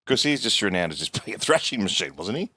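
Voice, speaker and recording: A man's voice: lowish voice, big pitch swings, fast talker, bright, forceful tone, no echo. A man co-hosting a casual chat, laughing along and prompting with questions. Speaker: co-host.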